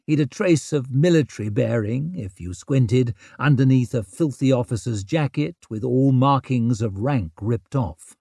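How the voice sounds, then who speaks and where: A man narrating an audiobook in a measured, wry storytelling manner. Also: mid-range voice, dark tone, no echo, clean studio sound.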